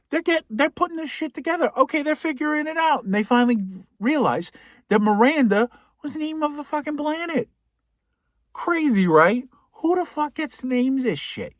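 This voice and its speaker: A man's voice: very high voice, dry recording, clean studio sound. Profane sarcastic man recapping a movie. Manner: drops to a hushed whisper for tense moments. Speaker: podcast host.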